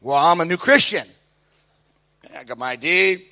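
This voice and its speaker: A middle-aged man, preaching a sermon and telling his life story with lively, acted-out quotes. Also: fairly high pitch, normal speed, gravelly. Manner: animated storytelling, acting out quoted voices. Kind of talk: sermon testimony.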